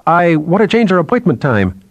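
A man's voice: very animated, fairly quick, no room sound. A man voicing an anxious young male assistant professor who speaks in a strained, agitated way. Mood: distressed. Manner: agitated, strained, rising in pitch.

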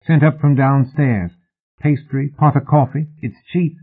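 A man's voice: mid-range voice, steady tone, measured pace, pitched above the performer's own voice. A male reader voicing a tired, tipsy young woman who coaxes and wheedles, in an audiobook. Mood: pleading. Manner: wheedling, coaxing. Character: drowsy coaxing young woman of the night. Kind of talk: audiobook character voice. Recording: husky voice on a tinny phone-like line.

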